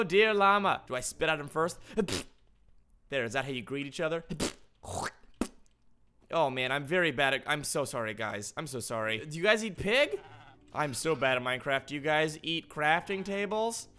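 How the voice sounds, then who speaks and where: A man with a high, lively voice that swoops up and down as he plays, a little hoarse from screaming. He gives playful, jokey gameplay commentary and chats to the creatures he meets. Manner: playful, jokey, chatting to in-game animals. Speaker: gaming host.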